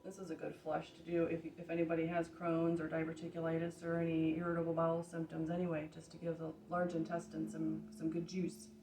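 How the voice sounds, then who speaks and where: A woman who practises energy healing, gently talking viewers through each exercise step by step as she demonstrates it. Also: deep voice, completely flat delivery, fairly quick, few pauses, a little hiss or hum. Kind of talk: guided exercise instruction. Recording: echoey room, mic at a distance.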